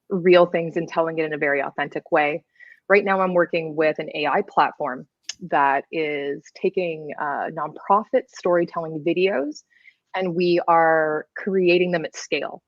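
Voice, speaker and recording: A Canadian-born woman, a video editor, chatting casually as a podcast guest, explaining with lots of fillers and quick laughs. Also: on the low side, no room sound, dull audio.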